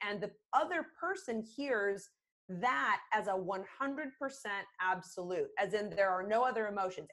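A middle-aged woman talking as a communication expert on a podcast, animated and expressive, acting out the phrases she quotes. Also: medium pitch. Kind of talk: conversational podcast interview.

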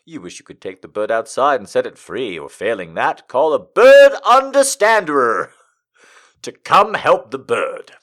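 A man's voice: medium pitch, sing-song, measured pace, a bit bright. A man hosting a poetry show, reading poems aloud and chatting casually, laughing often between asides.

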